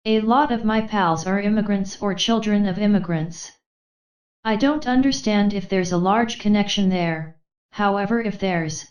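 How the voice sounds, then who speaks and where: A text-to-speech woman's voice reads a magazine interview from top to bottom. She delivers questions and answers in the same steady, machine-like way. The sound is roomy and a little muffled. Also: medium pitch. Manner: steady, mechanical read-through of questions and answers alike. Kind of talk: synthetic voice reading an article aloud. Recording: roomy, slightly dull sound.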